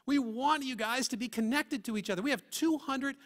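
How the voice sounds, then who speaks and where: A man's voice: very high voice, a little fast, a bit bright. A man preaching a sermon as pastor, talking earnestly and asking his listeners many rhetorical questions. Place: church.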